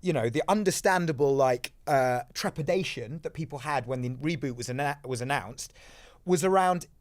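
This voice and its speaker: A man's voice: medium pitch, moderate pace. A man guesting on a podcast, chatting in a rambling, self-deprecating way with lots of restarts. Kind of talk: casual chat.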